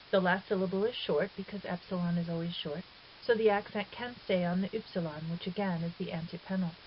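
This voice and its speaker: Woman calmly explaining a grammar lesson. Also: medium pitch. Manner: patient, methodical, with fillers and self-corrections. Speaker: Greek teacher. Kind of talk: recorded lecture explanation. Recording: dull lo-fi recording with faint hiss.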